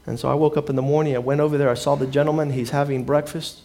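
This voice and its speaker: A man's voice: on the high side, level tone, rapid-fire, darkish tone. A man preaching a sermon as a pastor, telling stories and acting out the people he quotes.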